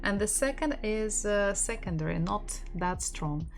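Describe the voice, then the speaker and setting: A woman's voice: medium pitch, lively intonation, measured pace, faint music behind. A woman with a Russian accent teaching an online language lesson, patiently repeating words for learners.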